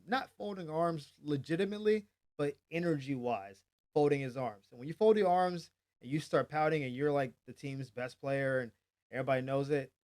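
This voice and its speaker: A man hosting a daily sports news channel, chatting casually and animatedly, acting out quotes with hype shouts. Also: a little high.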